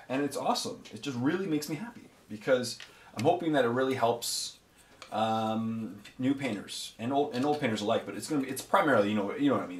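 Male hobby host, rambling and casual, mid pitch, roomy echo. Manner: rambling, many fillers and self-corrections. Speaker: miniature painting YouTuber. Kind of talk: casual talk while painting.

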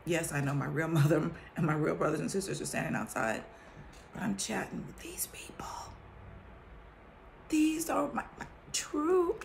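A woman in her forties giving a casual faith talk, reading a verse slowly and then commenting candidly on it. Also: on the low side, gravelly, low-quality recording. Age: 40s. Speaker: vlogger sharing testimony.

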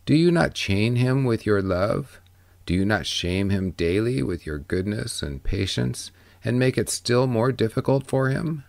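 A man reading the part of a wise old ferryman who speaks calmly, with gentle, measured questions. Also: mid-range voice, gravelly, no echo. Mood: gently probing. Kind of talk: audiobook reading.

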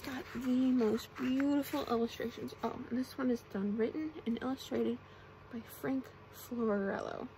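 A woman gently reading bedtime stories aloud in a soft ASMR style, sometimes whispering. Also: a little high, fairly even intonation, unhurried, slight background noise, rough recording. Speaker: ASMR storyteller.

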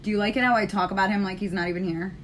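Talking very fast with fairly even intonation, this American woman has a bright, medium-pitched voice against slight background noise. Doing her makeup on a live stream, she keeps up a sassy, casual chat aimed directly at viewers.

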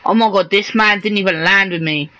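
A man chatting with friends while he plays a battle royale game, yelling and taunting his teammates and repeating himself quickly. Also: high voice, slight background noise. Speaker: gamer streaming his match. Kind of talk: excited gameplay chat with friends.

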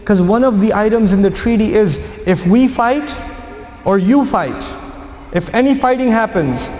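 A man giving an animated religious lecture, telling a story and acting out the voices of the people in it. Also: high voice, measured pace, long pauses. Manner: storytelling, acts out quoted voices. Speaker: Quranic lecturer. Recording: echoey hall with faint ambience.

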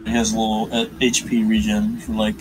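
A man's voice: lowish voice, monotone, fairly quick, rough recording. A man chatting casually over a game, giving gameplay tips with playful teasing and frequent giggles. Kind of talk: casual gaming chat. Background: game music.

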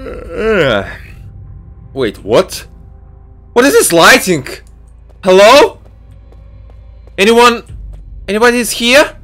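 A young adult man giving excitable, jumpy let's-play commentary full of shouts and exclamations. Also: very high voice, slow, pauses often, soft background music. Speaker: gaming YouTuber.

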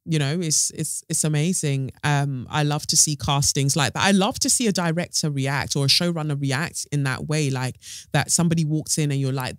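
A woman's voice: low-pitched, normal speed, no echo, clean studio sound. A British woman hosting a solo podcast, talking in a chatty, playful way, full of asides and slang. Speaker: podcast host. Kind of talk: casual solo podcast chat.

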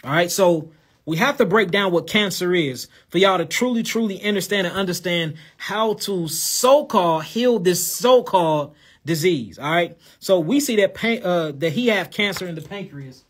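A man's voice: high-pitched, expressive, moderate pace, a bit bright, breathy edge. A man from St. Louis with a St. Louis accent and a lisp, casually answering viewer questions on a live show. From St. Louis, USA. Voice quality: lisp on s sounds. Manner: casual, addresses viewers as y'all and God. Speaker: herbal health host.

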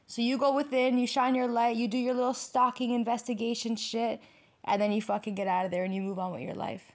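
A woman's voice: fairly high pitch, level tone, a little fast, darkish tone. A woman giving a casual tarot reading to camera, blunt and profane, repeating phrases for emphasis. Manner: breaks into laughter. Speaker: tarot reader.

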